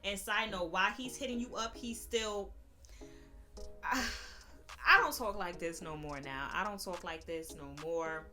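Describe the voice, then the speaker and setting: Sassy new girl in her 20s doing a storytime, bright voice, some music in the back. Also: mid-range voice. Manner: sassy, animated, quick-witted. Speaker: YouTuber. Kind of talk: storytime vlog. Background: background music.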